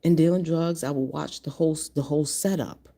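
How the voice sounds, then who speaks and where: A woman's voice: deep voice, fairly even intonation, brisk, dark tone. A woman in her fifties from Connecticut, talking bluntly and profanely in a casual monologue to camera. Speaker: vlogger.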